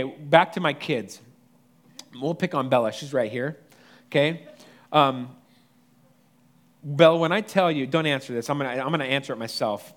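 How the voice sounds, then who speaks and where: Animated man preaching conversationally. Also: a little high. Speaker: pastor. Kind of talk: sermon.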